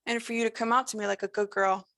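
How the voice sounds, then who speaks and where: A woman's voice: fairly high pitch, level tone, fast talker, fairly bright tone, no room sound. A woman voicing a creepy lilting male entity. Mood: menacing. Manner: lilting, sing-song, rambling in song lyrics. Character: menacing supernatural male stranger, folksy drawl.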